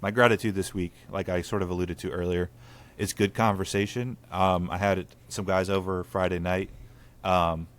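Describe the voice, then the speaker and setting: Earnest, low-voiced man. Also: level tone, moderate pace. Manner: storytelling, earnest, lots of "like" fillers. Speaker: podcast host. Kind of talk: casual chat.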